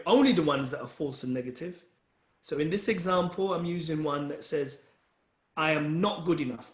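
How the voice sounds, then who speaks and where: A man's voice: sits high, echoey room. A man leading a wellbeing session, giving a motivational talk in an earnest, encouraging way and speaking directly to his listeners.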